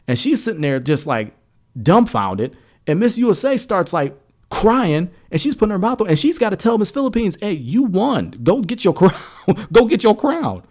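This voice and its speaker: Animated American man telling a story. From United States. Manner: animated storytelling, rises high when retelling events. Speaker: podcast co-host. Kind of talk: casual sports podcast chat.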